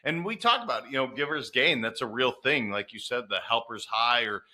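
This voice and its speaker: A man's voice: mid-range voice, expressive, fairly quick, sharp tone. A man hosting a podcast who interviews his guest in a casual, enthusiastic way and calls him brother. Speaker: podcast host.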